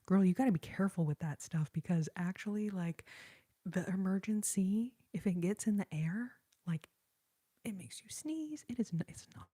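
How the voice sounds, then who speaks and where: Soft whispering woman, dry close mic. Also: mid-range voice, lively intonation, normal speed, slightly rough, no room sound. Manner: soft whispering, chatting with viewers and giggling; sings snippets of lullabies in a hushed voice. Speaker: ASMR livestream host. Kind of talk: whispered role-play.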